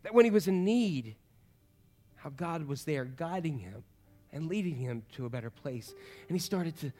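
A middle-aged man preaching a sermon as pastor, animated, swinging from loud calls to hushed, soft passages. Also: a little high, normal speed, soft background music.

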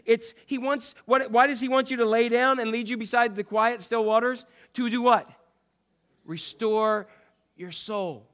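Male pastor, sermon, animated, slightly high voice, loud then quiet. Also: normal speed. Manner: animated preaching, swinging from loud emphasis to quiet asides.

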